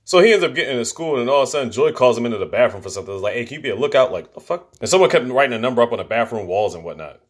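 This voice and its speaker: A man casually recapping a movie plot in slangy, profane, animated talk. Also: mid-range voice, racing, hardly any pauses. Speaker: movie reviewer.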